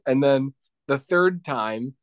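A man's voice: medium pitch, expressive, drawn-out words, dry recording. A young man in casual chat, rambling through a story and laughing often as he talks.

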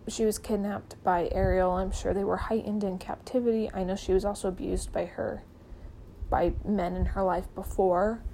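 Chatty and peppered with "like" and "um," a woman hosting a podcast recounts a true-crime case and voices the people she quotes. She has a mid-range, slightly mellow voice; the audio is poor, with slight background noise.

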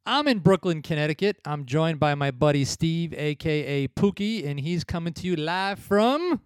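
A man's voice: on the high side, animated, normal speed, smooth, dry recording, clean studio sound. Laid-back male podcast host. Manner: laid-back, swears and laughs often. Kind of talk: casual chat.

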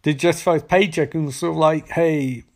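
A man's voice: fairly high pitch, steady tone, quick pace, vocal fry, darkish tone. A man casually recapping and reviewing a TV episode in a loose, chatty way. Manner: chatty, loose, with frequent restarts.

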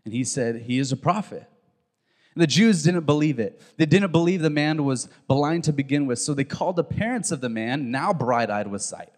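A man preaching a sermon, reading a long scripture passage aloud with lively storytelling and asides to the congregation. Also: on the high side, brisk, few pauses. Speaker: pastor. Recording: long hall reverb.

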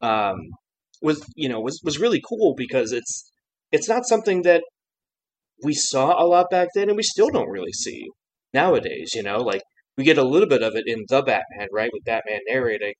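A man in easy podcast chat, rambling through his thoughts with many restarts and little laughs. His voice sits at an ordinary middle pitch. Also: very animated, normal speed, low-quality recording. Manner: rambling, self-interrupting, laughs often. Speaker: podcast co-host. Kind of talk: casual chat about a cartoon episode.

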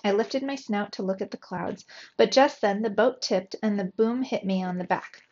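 A woman, a teacher, narrating a children's storybook aloud with lively expression. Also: medium pitch, normal speed, muffled recording.

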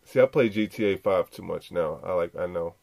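A man's voice: low-pitched, fairly quick, creaky, darkish tone. A man hosting a podcast, giving laid-back, slangy reaction commentary full of swearing and asides. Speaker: podcast host.

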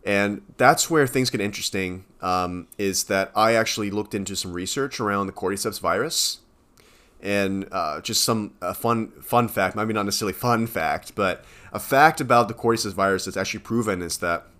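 Male podcast co-host, lowish voice, loose rambling delivery full of fillers and self-corrections. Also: fairly bright tone. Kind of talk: casual chat.

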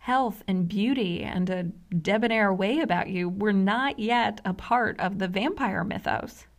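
A woman's voice: medium pitch, unhurried. A woman in her forties from the US hosting a scripted explainer podcast, wry and conversational with dry humor. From United States. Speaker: podcast host.

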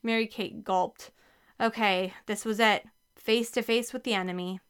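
A woman narrating a children's book with a lively, expressive reading. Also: mid-range voice, measured pace, clear, resonant tone. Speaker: audiobook narrator. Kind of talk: scripted narration.

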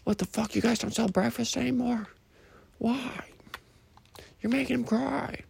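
A man doing a quiet, high-pitched impression of a whiny grown man griping about breakfast. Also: steady tone, unhurried, creaky, breathy edge, full character voice.

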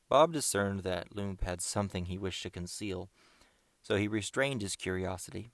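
A man reading an adventure story aloud in a steady, measured way. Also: sits low, no room sound. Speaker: audiobook narrator. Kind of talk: scripted audiobook narration.

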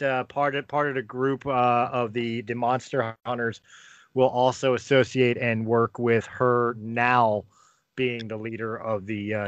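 A man's voice: medium pitch, a bit bright, no room sound. A man at a tabletop game, explaining his character's plans and often restarting as he searches for words. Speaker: player. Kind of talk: casual game table chat. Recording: dry, muffled audio.

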